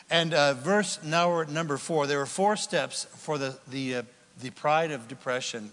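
A male pastor preaching a sermon, swinging from loud calls to hushed whispers. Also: a little high. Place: church sanctuary. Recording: long reverb of a church sanctuary.

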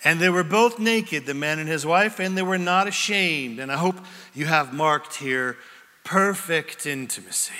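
Male preacher, high bright voice, animated sermon, long hall reverb. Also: moderate pace. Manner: animated, acts out voices, asks the crowd questions.

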